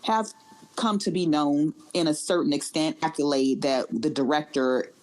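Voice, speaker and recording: Low-voiced woman talking fast. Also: darkish tone. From Chicago. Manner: earnest, fast-talking, repeats words. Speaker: guest, airline professional. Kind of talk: casual interview talk.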